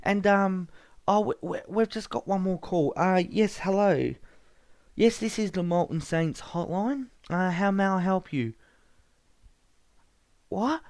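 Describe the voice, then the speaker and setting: A flustered young salesman juggling phone calls, as a man puts him on. His voice sits noticeably higher and smooth, full of stammers and hesitations. The recording is close and dry. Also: measured pace, darkish tone, dry recording. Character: flustered young male club membership seller.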